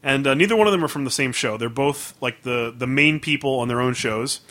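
A man hosting a podcast, in a relaxed, upbeat way with plenty of filler words. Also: mid-range voice, fairly quick. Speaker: podcast host. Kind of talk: casual podcast chat.

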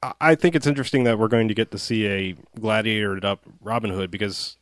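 A man's voice: fairly low pitch, quick pace, dry recording, clean studio sound. A man co-hosting a casual movie podcast, rambling and swearing freely. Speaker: podcast co-host.

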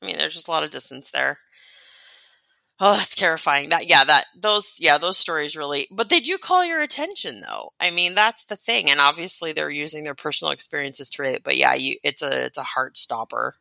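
A young adult woman co-hosting a casual podcast chat about church talks. She laughs often and thinks out loud. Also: low voice, expressive, brisk, vocal fry, no echo, low-quality recording. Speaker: podcast co-host.

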